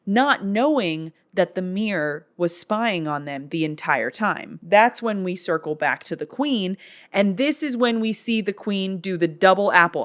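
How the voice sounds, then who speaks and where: A woman hosting a comedic movie recap late at night, sleepy, rambling with joking asides. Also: on the low side. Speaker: video host.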